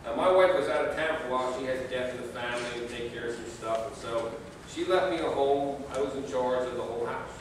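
A man's voice: mid-range voice, fast talker, slight background noise. A man preaching a sermon as pastor, telling stories with folksy humor. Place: church sanctuary. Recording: distant mic in echoey church.

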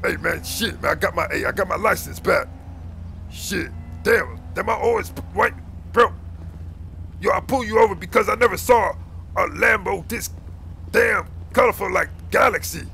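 A blustering, incompetent street cop in a comedy skit, played by a man, barking orders then fumbling and muttering to himself. His voice sits high and bright with a gravelly fry. Faint background hiss. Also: animated, normal speed, faint music behind, heavily acted. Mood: bossy. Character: bossy, bumbling young male street cop.

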